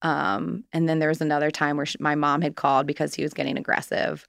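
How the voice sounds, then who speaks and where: A woman's voice: deep voice, flat delivery, quick pace, vocal fry, no echo, clean studio sound. A woman in her thirties, a guest candidly recounting a personal story in casual, rambling conversation.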